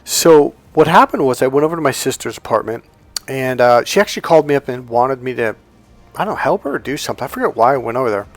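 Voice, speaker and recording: A man's voice: expressive, quick pace, no echo, soft background music. Man telling a rambling story. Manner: rambling, acts out quoted people in a high voice. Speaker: dating coach. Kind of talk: casual storytelling monologue.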